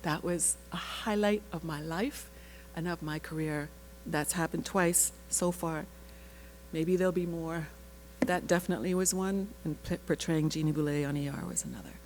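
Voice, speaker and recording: An actress telling an animated personal story at a panel, laughing often and breaking off into asides. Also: female voice, low voice, moderate pace, a little hiss or hum, rough recording. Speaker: actress sharing her research story.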